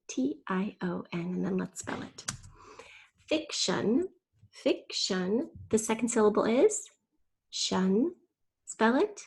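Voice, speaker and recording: Slow, husky-voiced woman teacher. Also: medium pitch. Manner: slow, clear, drills words and syllables. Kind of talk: recorded spelling lesson for children.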